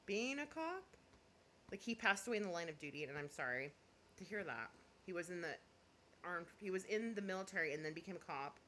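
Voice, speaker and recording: A woman's voice: on the low side, animated, brisk, fairly bright tone, slight background noise. A woman YouTuber in casual live chat, reading viewer comments and giving blunt opinions, laughing often and apologizing half-jokingly.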